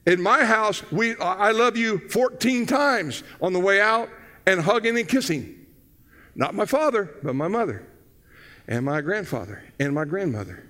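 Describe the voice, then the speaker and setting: Older guy preaching, high voice, big echoey church, loud then soft. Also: a little slow. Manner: storytelling, animated, swings from loud to hushed. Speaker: pastor. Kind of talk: sermon. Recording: long hall reverb.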